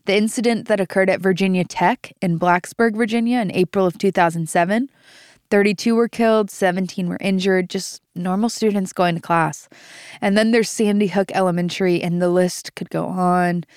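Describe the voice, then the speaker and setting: A woman's voice: medium pitch, steady tone, normal speed, darkish tone, clean tone, dry recording, studio quality. A young adult woman hosting a devotional podcast, reading scripture aloud and teaching it with earnest emphasis. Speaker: podcast host.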